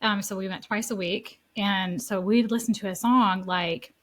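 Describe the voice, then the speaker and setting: A woman who works as a leadership coach, a guest on a podcast, talking casually in an animated way and often wandering onto tangents. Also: medium pitch, moderate pace, slight background noise. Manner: animated, laughing, tangent-prone. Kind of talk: casual conversational interview.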